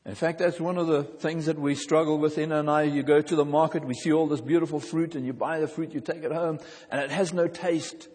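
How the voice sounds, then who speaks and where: High-voiced man preaching in a reverberant hall. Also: fairly even intonation, brisk, few pauses, darkish tone. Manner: earnest preaching with repeated emphatic phrases. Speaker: pastor. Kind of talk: sermon.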